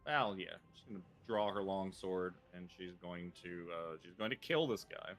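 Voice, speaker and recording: A man's voice: sits low, animated, moderate pace, fairly bright tone, soft background music. A man narrating as game master, rambling loosely with frequent ums and chuckles.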